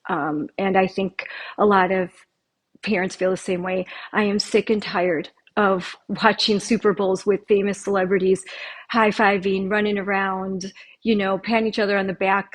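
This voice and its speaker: A woman running for school board makes an earnest, emotional personal appeal, often halting and restarting with fillers. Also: mid-range voice, rough recording.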